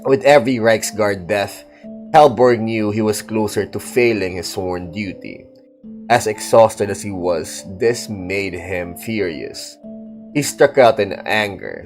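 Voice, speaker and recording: A man narrating a fantasy audiobook in a steady, dramatic storytelling style. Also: fairly low pitch, unhurried, faint music behind. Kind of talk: audiobook reading of fantasy fiction.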